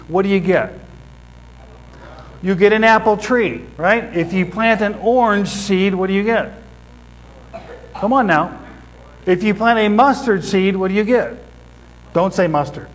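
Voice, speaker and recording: A man's voice: sits high, rough recording. A man preaching a sermon to a congregation, explaining scripture as a teacher and putting questions to his listeners. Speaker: pastor. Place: church before a congregation.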